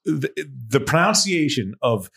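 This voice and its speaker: A man co-hosting a drinking podcast, animated and giggling often in casual banter. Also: medium pitch, a little slow. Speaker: podcast co-host. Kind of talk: boozy casual chat.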